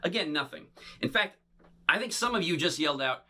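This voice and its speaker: A man's voice: on the high side, brisk. A man performing an interactive bubble show for children, talking playfully to an unseen young audience. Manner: animated and showy.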